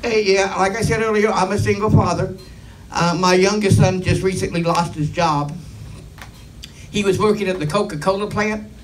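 A middle-aged man doing a stand-up comedy set, rambling and deadpan with filler asides. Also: high voice, normal speed, distant mic, a little hiss or hum, low-quality recording.

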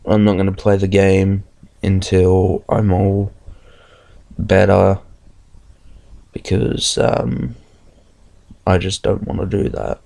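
A man's voice: deep voice, flat delivery, takes it slowly, creaky, long pauses, mellow. A sick young man, nearly losing his voice, giving a hesitant, rambling channel update from bed. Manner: rambling, hesitant with many ums. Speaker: gaming channel host. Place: bedroom, in bed.

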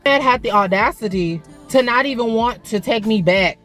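A woman's voice: fairly high pitch, moderate pace, a bit bright, soft background music. A woman telling a frank, profane story in a casual vlog, chatting to viewers as "girl" and "baby".

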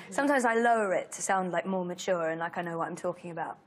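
A woman's voice: lowish voice, fast. A woman with a posh voice guesting on a comedy panel show, chatting self-consciously. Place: TV studio with audience. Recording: audience and noise behind.

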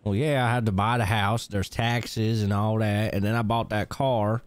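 A man's voice: on the low side, flat delivery, normal speed. A man streaming a role-play game, chatting casually in character with friends, teasing and laughing often.

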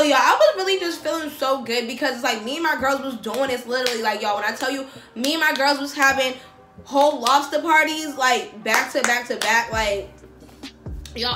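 A young woman, telling a story on her vlog in a slangy, profane, animated way. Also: sits high. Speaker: vlogger. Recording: echoey room with faint music.

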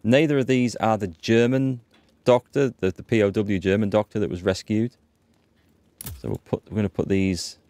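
A man's voice: on the low side, fairly even intonation, moderate pace, mellow, no echo. A man hosting a gaming channel, chatting and thinking aloud as he plays. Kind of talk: let's-play commentary.

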